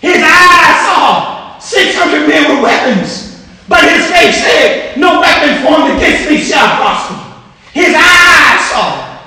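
Male preacher, very high, bright voice, shouting fervently, echoey hall from afar. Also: expressive, slow, far from the mic, some chatter behind. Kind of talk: sermon. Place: large church hall.

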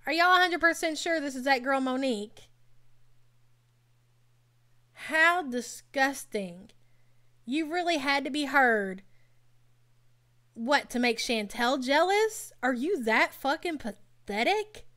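A woman hosting a live stream in a casual, sassy way, with a fairly high voice. She speaks bluntly and keeps turning to chat with her viewers. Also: animated, a little slow, fairly bright tone. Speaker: live stream host reacting to a reality show.

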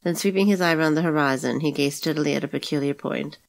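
A woman narrating a classic adventure novel aloud in a steady, even reading. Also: low voice, quick pace, gravelly. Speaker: audiobook narrator.

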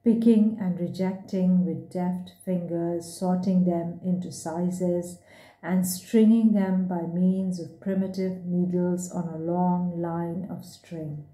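A woman reading a story aloud in a measured, unhurried way. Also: on the low side, steady tone, warm tone. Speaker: reader. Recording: echoey room.

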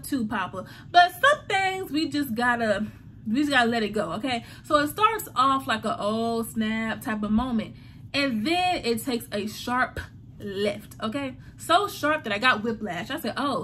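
A woman's voice: on the high side, expressive, unhurried, bright, forceful tone, a little hiss or hum. A woman hosting a casual TV recap, talking animatedly and acting out the characters' lines. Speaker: TV recap host.

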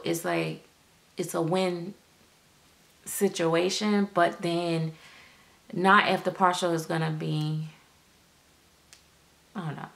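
A woman's voice: low-pitched, vocal fry, fairly bright tone. A woman chatting candidly to her viewers, acting out the reactions she quotes. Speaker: doll collector vlogger. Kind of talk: casual chat to viewers.

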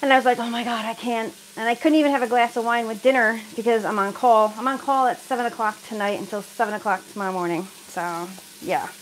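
A woman's voice: fairly high pitch, quick pace, a little hiss or hum, low-quality recording. Chatty woman cooking in her kitchen. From United States. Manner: chatty, laughs often, reads and answers live comments. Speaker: cooking livestream host. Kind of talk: casual chat while cooking. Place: home kitchen.

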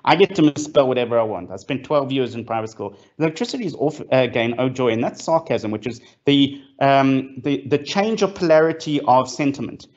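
A South African man speaks as a guest in a fireside chat over a video call, with lo-fi online audio. His voice is medium-pitched, lively and a little mellow, at a moderate pace with few pauses, and he's enthusiastic, full of fillers and restarts.

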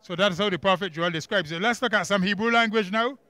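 Barbadian male Bible teacher, high crisp voice, drills the class with questions, dry close sound. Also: sharp tone, no room sound. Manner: quizzes the class with quick questions and emphatic repeats. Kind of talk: church camp workbook lesson. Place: camp classroom.

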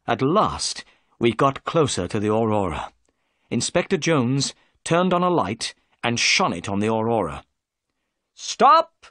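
A man reading a story aloud for English learners, clear and expressive. His intonation is lively, with wide swings in pitch. The recording is close and dry. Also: measured pace, no room sound. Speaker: narrator.

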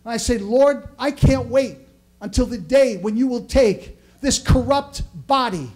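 Pastor, male, New York accent, very high voice, fervent sermon with loud shouts and hushed drops. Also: measured pace. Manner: swings between loud shouting peaks and low quiet asides.

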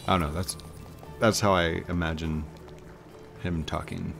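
A man's voice: sits low, little pitch movement, measured pace, creaky, pauses often. A man hosting a casual let's-play video, rambling and self-deprecating as he plays. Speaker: gaming video host. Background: game music.

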